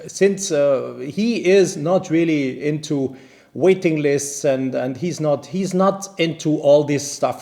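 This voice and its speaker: Man telling a story, slightly high. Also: measured pace, vocal fry. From based in Vienna. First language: not English; speaks non-native English. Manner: animated, indignant, many restarts. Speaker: watch channel host. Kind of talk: casual storytelling to camera.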